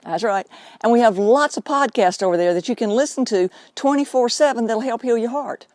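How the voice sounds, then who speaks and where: A woman's voice: fairly high pitch, fairly quick, darkish tone, dry recording. A woman hosting her own show, talking unscripted to camera in an earnest, explaining way and drawing out words for emphasis. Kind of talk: unscripted direct-to-camera talk.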